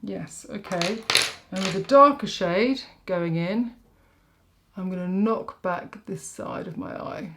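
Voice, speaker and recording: A woman's voice: mid-range voice, takes it slowly, noisy background. Chatty woman doing makeup. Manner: rambling, self-mocking, talks while working. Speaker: makeup artist.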